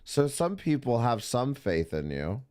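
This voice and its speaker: A man co-hosting a livestream, stepping in with measured, moderating remarks during an argument. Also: mid-range voice, very animated, darkish tone, clean tone. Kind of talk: livestream commentary.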